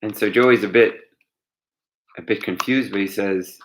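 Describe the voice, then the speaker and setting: A man telling a true story aloud, animated, with dramatic pauses. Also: on the low side, slight background noise. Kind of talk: oral storytelling.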